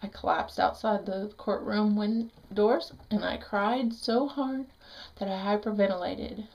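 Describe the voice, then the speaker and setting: A middle-aged woman talks straight to the camera about something painful. Her speech is halting and raw, full of restarts and sudden bursts of bitterness. Her pitch sits in a plain middle range. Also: vocal fry, highs cut off. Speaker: vlogger. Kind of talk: emotional personal story vlog.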